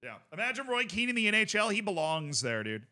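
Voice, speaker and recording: Man, streamer, casual chat, enthusiastic, rambling, very bright tone, high pitch. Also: sing-song, a little fast. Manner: enthusiastic and rambling, filler-heavy. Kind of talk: casual chat reacting to video clips.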